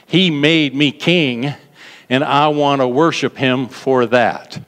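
A man's voice: mid-range voice, slow, a bit bright, clear, resonant tone. Defiant king, firm and emphatic, as a man acts him out in a sermon, with long hall reverb. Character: defiant king answering his wife.

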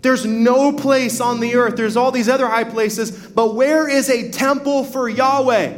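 A man's voice: extremely high pitch, steady tone, a little slow, faint music behind. A young adult man, a pastor, preaching a sermon in a casual storytelling way, full of "like" fillers and restarts.

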